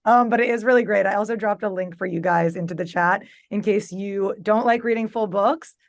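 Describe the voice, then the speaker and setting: A woman's voice: medium pitch, brisk. A woman hosting a live webinar who chats casually in an upbeat, friendly way. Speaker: webinar host.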